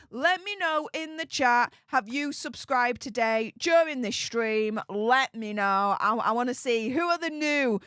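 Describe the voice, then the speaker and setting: A woman hosting a live stream, reading chat and effusively thanking viewers in a casual, animated way. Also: fairly high pitch, a little slow, few pauses, clean tone, no room sound, studio quality.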